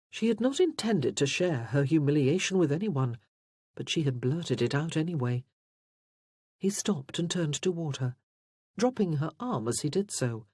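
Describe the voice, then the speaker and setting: A man narrating a period romance audiobook in a measured, expressive way. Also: fairly high pitch, slightly rough, dry recording, studio quality. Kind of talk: scripted narration.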